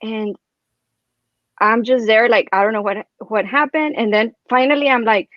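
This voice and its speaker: A fairly high-voiced woman talks through a long personal story, rambling and animated, her speech full of "like" and "right?". The sound is dry and a little muffled, as if over a video call. Her tone stays casual and conversational. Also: measured pace, long pauses, no echo. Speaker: guest.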